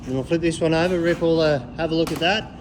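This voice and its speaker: Chatty Australian bloke in a workshop. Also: male voice, a little high, steady tone, fast, slight background noise. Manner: upbeat, chatty, laid-back slang, yells playful calls. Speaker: vlogger. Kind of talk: casual chat. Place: panel repair workshop.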